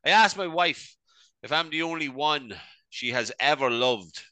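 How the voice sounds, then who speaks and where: A man's voice: fairly high pitch, expressive, measured pace, bright, forceful tone, clear, resonant tone, no echo. A man co-hosting a casual comedy podcast, rambling and tagging "right?" onto his sentences. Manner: rambling, peppers speech with "right?". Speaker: podcast co-host.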